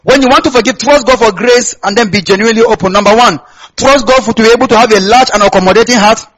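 A man's voice: extremely high pitch, fast talker, a bit bright, rough recording. A male pastor from Nigeria with a Nigerian accent, preaching a sermon and tossing questions back to the congregation.

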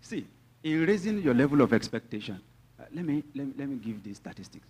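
A man's voice: mid-range voice, very animated, quick pace, darkish tone, slightly rough. A man with a Nigerian accent, preaching a sermon as pastor, mixing teasing asides to the congregation with emphatic teaching.

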